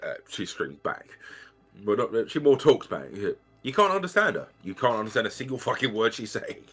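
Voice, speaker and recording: Bright-toned, animated man as game master. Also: medium pitch, moderate pace, slightly rough, soft background music. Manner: casual, swearing, frequent fillers. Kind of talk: narrating a tabletop game.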